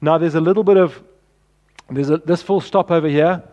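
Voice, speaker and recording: A pastor preaching a sermon, earnest and pleading, often dropping softly at the ends of phrases. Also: male voice, a little high, moderate pace, muffled recording.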